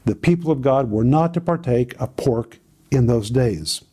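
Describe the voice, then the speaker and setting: A man's voice: mid-range voice, lively intonation, normal speed, mellow, husky. A man teaching on a Bible passage to a co-host, telling it in a dramatic, emphatic way with repeated phrases.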